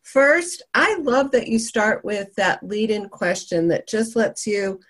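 A woman's voice: medium pitch, expressive, slow pace. A woman hosting, recapping her guest's points with upbeat enthusiasm. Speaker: podcast host.

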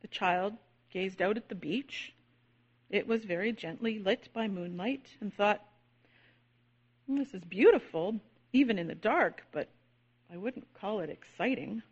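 A woman gently reading a children's story aloud, narrating in a soothing manner. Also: mid-range voice. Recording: dull lo-fi recording.

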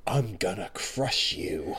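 Dude doing a low quiet robot monotone, big menacing sergeant. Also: male voice, slow pace, vocal fry, husky, exaggerated voice. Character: huge robotic male sergeant, cold and menacing.

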